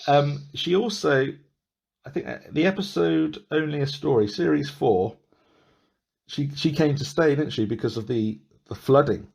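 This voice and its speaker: A man's voice: a little high, normal speed, creaky, a little mellow, breathy edge. A man hosting a podcast, chatting casually and rambling with many restarts and small laughs. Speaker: podcast host. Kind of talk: casual chat.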